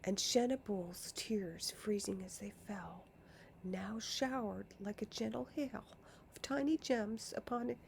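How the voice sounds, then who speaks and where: A woman reading a storybook aloud in a deliberate way, often dropping into a hushed whisper. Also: medium pitch, creaky, a little hiss or hum. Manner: slow, deliberate, often slipping into a hush. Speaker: narrator.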